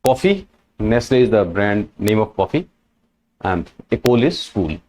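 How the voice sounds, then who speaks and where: A man teaching French in a slow explanatory lesson, often checking in with "right?" and "correct?". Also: fairly low pitch, sing-song, darkish tone, slight background noise.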